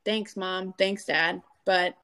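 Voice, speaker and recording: Woman telling her story with lively quoted voices. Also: medium pitch, slow, smooth. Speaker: guest. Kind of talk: candid personal interview.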